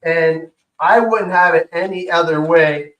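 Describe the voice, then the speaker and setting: A man's voice: fairly high pitch, a little slow, a bit bright, dull audio. A man co-hosting a casual show-and-tell, talking enthusiastically with lots of fillers while he demonstrates. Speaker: co-host. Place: indoor workshop room. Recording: roomy echo, far from mic.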